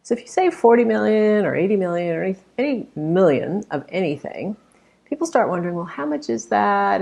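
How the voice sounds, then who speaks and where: A woman's voice: mid-range voice, sing-song, brisk, vocal fry, darkish tone. A woman speech coach critiquing a talk, explaining points in an emphatic, demonstrative way. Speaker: public speaking coach.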